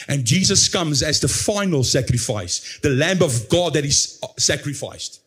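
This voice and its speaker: A male pastor delivering a dramatic sermon, his fairly high voice leaping up into pleading cries and sinking into low, slow scripture reading. He talks with lively swings of pitch and pace.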